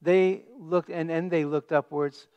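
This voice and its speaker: A man preaching a sermon as pastor, stressing key words and dropping to a hush at the ends of phrases. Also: fairly high pitch, fairly even intonation, measured pace, dull audio. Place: church sanctuary.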